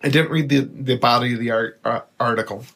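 A man co-hosting a podcast as a new father, talking in casual chat, a bit tipsy and rambling with quick asides. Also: mid-range voice, steady tone, fairly bright tone. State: tipsy from drinking.

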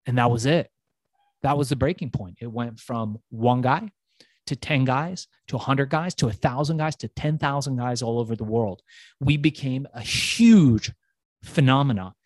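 A man's voice: medium pitch, moderate pace, dry recording. Middle-aged guy spinning a story on a podcast, swears a lot, dry close sound. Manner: animated storyteller who acts out dialogue, swears freely. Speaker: guest. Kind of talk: casual storytelling interview.

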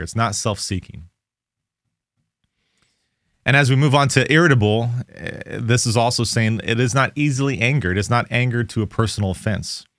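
A man's voice: on the low side, fairly bright tone, dry recording, studio quality. A man giving an informal devotional Bible lesson, explaining verses conversationally and correcting himself as he goes. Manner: conversational, restarts and self-corrections while explaining. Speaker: Bible teacher.

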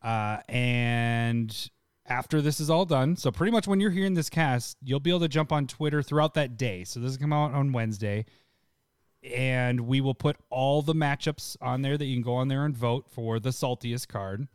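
A man hosting a podcast, casually explaining voting and a giveaway in a relaxed, rambling way. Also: medium pitch, normal speed, smooth, dry recording, studio quality. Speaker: podcast host.

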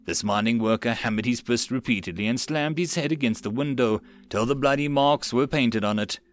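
A man reading a web novel audiobook in a plain, steady narrating manner with occasional slips. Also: medium pitch, brisk.

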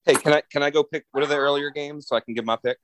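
A man's voice: a little high, steady tone, racing, noisy background. A man in a casual sports chat, thinking aloud with hesitations and trailing-off sentences. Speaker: regular panelist.

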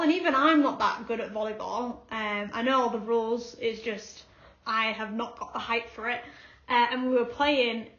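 High-voiced woman telling stories. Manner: animated storytelling, laughs often. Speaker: podcast co-host. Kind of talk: casual chat. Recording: echoey room, slightly dull sound.

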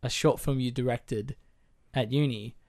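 A man's voice: mid-range voice, fairly even intonation, a little slow, darkish tone. A man in his twenties, co-hosting a podcast in casual chat, his voice half gone as he tells a story. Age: 20s. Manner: chatty, laughs easily, tells stories. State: losing his voice. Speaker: podcast co-host.

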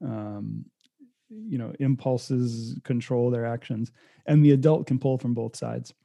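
Gravelly man, very dark and warm tone, reflective explainer in casual talk. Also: medium pitch, animated, a little slow. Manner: reflective, explains with acted-out quotes.

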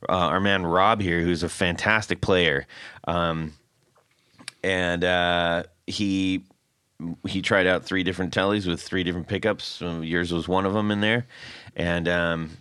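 A man's voice: low voice, fairly even intonation, measured pace, bright, forceful tone, smooth, no echo, clean studio sound. A man hosting a podcast in casual chat, rambling and breaking off his sentences with fillers. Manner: rambling, self-interrupting. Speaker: podcast host.

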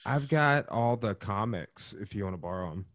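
A man hosting a casual podcast chat with a friend, relaxed and friendly, his sentences trailing off. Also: lowish voice, normal speed, dry recording. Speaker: podcast host.

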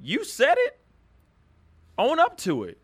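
A man hosting a podcast, talking in an animated, emphatic way in casual chat. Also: extremely high pitch, takes it slowly, husky. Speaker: podcast host.

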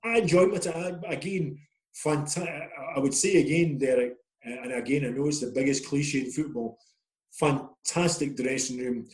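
A man's voice: fairly high pitch, moderate pace. A middle-aged Scottish man, a former footballer being interviewed, telling self-deprecating, rambling stories in a casual way. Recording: roomy echoey sound.

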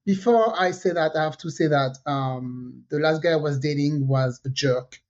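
A woman's voice: sits low, moderate pace. Lady on a podcast, chatty storyteller doing all the voices, kinda dull lo-fi sound. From French Caribbean. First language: French. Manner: lively storyteller who acts out quoted dialogue. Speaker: podcast co-host. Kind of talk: casual storytelling chat.

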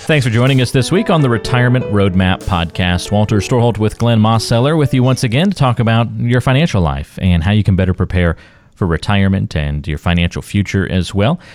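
A man's voice: lowish voice, brisk, darkish tone, faint music behind. Upbeat male podcast co-host. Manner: upbeat, joking, self-deprecating. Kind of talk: casual podcast chat.

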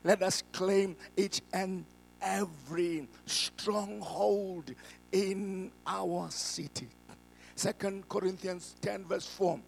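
A pastor preaching a sermon with a South African accent, who breaks his lines with constant "uh" fillers and builds to shouted declarations. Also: sits high, vocal fry. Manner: fills pauses with constant "uh".

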